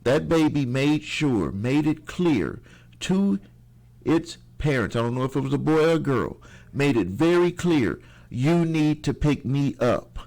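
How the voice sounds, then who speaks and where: A man's voice: a little high, big pitch swings, unhurried, gravelly, darkish tone. A middle-aged man hosting a motivational channel, talking casually to camera, rambling and repeating phrases for emphasis with frequent restarts.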